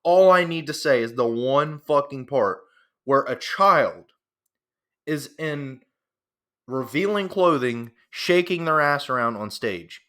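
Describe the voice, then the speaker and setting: A man's voice: a little high, pushed and bright. A man delivering an angry, profane reaction rant, repeating himself as he works himself up. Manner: heated, profane and repetitive. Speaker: reaction commentator.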